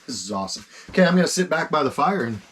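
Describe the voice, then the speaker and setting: A man filming a relaxed camp cooking vlog inside an ice fishing tent, savoring his food and talking with his mouth full. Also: a little high, racing, slight background noise. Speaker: outdoor vlogger.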